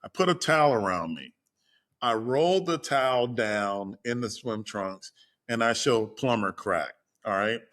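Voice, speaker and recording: A man spinning a personal anecdote in relaxed conversation. He talks in a middle-pitched voice and livens the tale by acting out the voices of the people he quotes. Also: measured pace. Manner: animated, acts out quoted voices. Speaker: guest storyteller. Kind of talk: casual storytelling.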